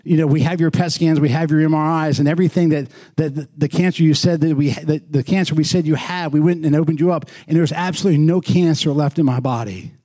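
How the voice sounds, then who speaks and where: A man's voice: a little high, fairly even intonation, fast, hardly any pauses, warm tone, natural voice. A man voicing a hospital doctor who speaks in a businesslike, matter-of-fact way.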